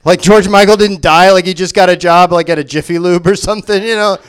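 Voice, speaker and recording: A man's voice: high voice, fairly even intonation, quick pace, clean tone. A man from Memphis doing a self-deprecating, rambling stand-up set in a shop venue. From Memphis, Tennessee. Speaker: stand-up comic. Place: comic book shop venue.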